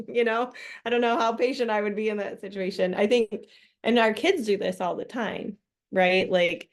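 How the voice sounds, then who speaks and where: Woman book club host, lively and laugh-prone, acts out the voices she quotes, middle pitch, video call. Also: normal speed. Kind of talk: casual group chat.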